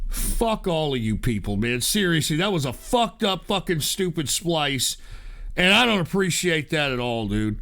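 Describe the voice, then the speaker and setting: Man, host, tipsy, angry profane rant, high voice, gravelly, bright sharp tone. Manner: yelling, swearing, bitter rant. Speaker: show host.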